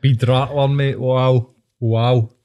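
A man's voice: medium pitch, flat delivery, takes it slowly, clear, resonant tone, lo-fi sound. A man with a Scottish accent co-hosting a podcast, chatting bluntly with plenty of swearing. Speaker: podcast co-host. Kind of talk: casual podcast chat.

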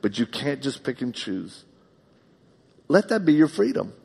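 A man preaches live in a church sanctuary, his voice husky and edged with gravelly fry. He tells personal stories heartfelt, swinging from loud emphatic bursts down to hushed confiding tones. A long hall reverb trails behind every phrase. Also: medium pitch, big pitch swings, unhurried. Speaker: pastor. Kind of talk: live sermon with personal storytelling.

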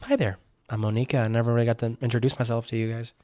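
A game master voicing an anxious young woman in a tabletop game, high and apologetic. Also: fairly even intonation, very fast, warm tone, close to an everyday voice. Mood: friendly. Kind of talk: tabletop game role-play.

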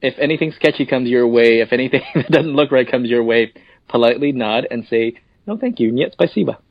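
A man's voice: medium pitch, fairly even intonation, a little fast, no echo. Joking man with a dry, muffled sound. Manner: joking, laughs often. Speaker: podcast co-host. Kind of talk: casual podcast chat.

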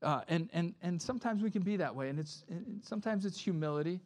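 A pastor preaching a conversational sermon, acting out quoted voices, often asking "right?" and restarting sentences. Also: male voice, high-pitched, expressive, fast, a little mellow.

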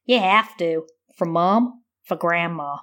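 A woman's voice: lowish voice, slow, a bit bright. A woman with a British accent playing a stern male American detective, using a put-on American accent. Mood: coaxing.

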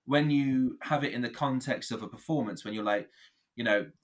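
A man from England explaining rap rhyme in a relaxed conversational way, animated and playful, laughing easily. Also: medium pitch, normal speed.

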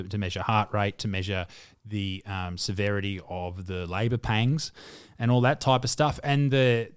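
A man's voice: lowish voice, clear, resonant tone, no room sound. Swearing Australian man telling a story. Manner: swearing, storytelling, laughs often. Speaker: podcast co-host. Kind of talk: crude casual banter.

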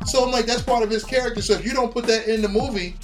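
A man in casual, profane chat who gets animated and acts out scenes as he talks. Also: very high-pitched, rapid-fire. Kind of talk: casual chat about comic book movies. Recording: music playing underneath.

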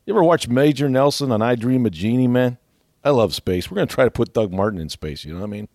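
Man voicing a brash football coach, rambling, says "man" constantly, mid pitch, dry close sound. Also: animated, fast talker, a little mellow, no echo, close to an everyday voice. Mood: goofy bravado. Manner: ends nearly every phrase with "man". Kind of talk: comic impression.

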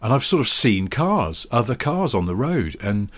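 A man's voice: medium pitch, very animated, moderate pace. A man co-hosting a podcast, chatting casually in a wry, rambling, drily jokey way. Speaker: podcast co-host. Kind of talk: casual chat.

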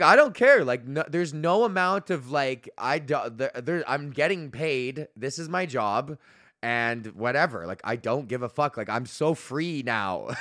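A man's voice: medium pitch, fairly bright tone, no room sound, studio quality. A man hosting a solo podcast, telling road stories in a rambling, profane way with many fillers, from a home setup. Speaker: podcast host and comedian.

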